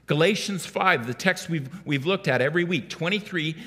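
A man's voice: fairly high pitch, moderate pace, pushed and bright. A man preaching a sermon in a church, telling stories in a conversational way and often restarting his words. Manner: conversational storytelling with many restarts. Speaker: pastor. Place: church sanctuary. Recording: long hall reverb.

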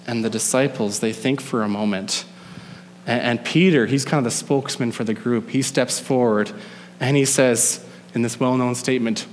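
Young pastor, man, conversational sermon, drawn-out emphasis, echoing hall sound. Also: mid-range voice, a little hiss or hum. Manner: conversational preaching, stretches key words slowly. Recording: long hall reverb.

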